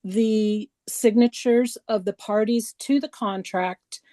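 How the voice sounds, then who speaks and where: A woman's voice: mid-range voice, fairly even intonation, slow, dark tone, no room sound. A woman broker giving a direct, cautionary update at a team meeting over a video call.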